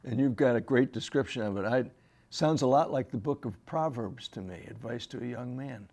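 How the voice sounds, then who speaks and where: A man hosting an interview show, replying to his guest and then reading a measured, earnest sign-off. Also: medium pitch, expressive, vocal fry, darkish tone. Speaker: host. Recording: music bed under the voice.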